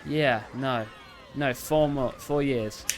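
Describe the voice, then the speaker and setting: A man's voice: mid-range voice, slow pace, background noise. A man live-streaming a racing game, chatting casually with his viewers in a rambling, self-interrupting way. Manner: bursts into loud repeated "no, no" while playing. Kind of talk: casual live-stream chat while gaming.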